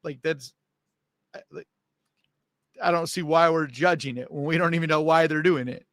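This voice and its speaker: A man's voice: fairly high pitch, moderate pace, dry recording, studio quality. A man co-hosting a casual podcast, laid-back and teasing, reasoning through a film debate. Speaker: podcast co-host.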